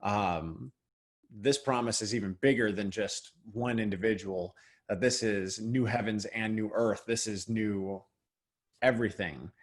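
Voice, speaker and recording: Church podcast cohost, man with lowish voice, halting and reflective. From United States. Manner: hesitant, many restarts and fillers. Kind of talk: casual faith discussion.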